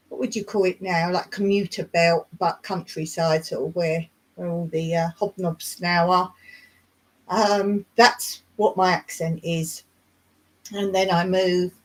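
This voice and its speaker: A middle-aged Englishwoman with a Surrey accent and a lowish, darkish voice hosts a YouTube live chat. She reads out viewer comments and answers them in a rambling, chatty way, laughing often and using plenty of fillers.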